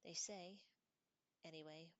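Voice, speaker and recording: A woman voicing an excitable, gossipy young male bus conductor, in a whispered storybook reading. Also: fairly low pitch, slow, dry recording.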